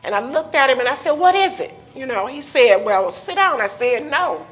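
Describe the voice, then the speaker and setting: A woman's voice: sits high, lively intonation, normal speed, a bit bright. Emotional woman telling her story on a panel. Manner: emotional, candid, nervous. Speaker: panel speaker, mother. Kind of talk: personal testimony at a panel. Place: conference hall with audience. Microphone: handheld microphone.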